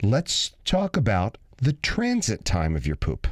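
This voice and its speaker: A man co-hosting a radio show, chatting and telling funny stories in an animated, jokey way. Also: measured pace, dry recording, studio quality. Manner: animated, jokey, lively pitch swings. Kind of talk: casual radio banter and storytelling.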